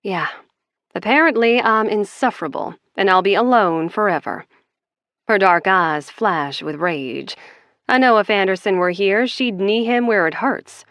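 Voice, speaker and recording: A woman's voice: medium pitch, a little slow, a bit bright, no room sound, studio quality. A woman narrating a first-person romance audiobook in a wry, conversational way.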